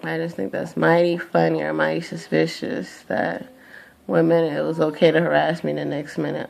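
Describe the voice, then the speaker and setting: A woman's voice: low voice, level tone, normal speed, gravelly, darkish tone. A tired young woman venting in a profane, exasperated rant to camera. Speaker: vlogger.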